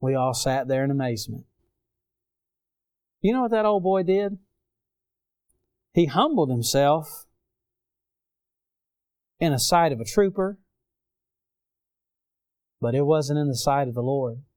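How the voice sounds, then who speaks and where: A middle-aged man preaching a sermon, rising to loud emphatic peaks and dropping low for stories. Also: expressive, slow, pauses often, clear, resonant tone. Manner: preaching with dramatic rises and drops in volume.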